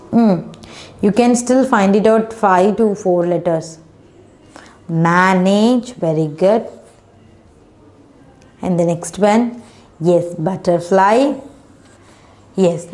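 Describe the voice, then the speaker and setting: A woman's voice: mid-range voice, darkish tone. Patient woman teaching phonics. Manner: patient, repetitive teacher talk, sounding out letters, frequent "okay". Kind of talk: online class teaching.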